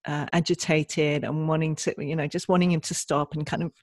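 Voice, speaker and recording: A woman's voice: low voice, flat delivery, a little fast, no echo, clean studio sound. A woman co-hosting a podcast in casual chat, earnest and reflective, often restarting her sentences. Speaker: podcast co-host.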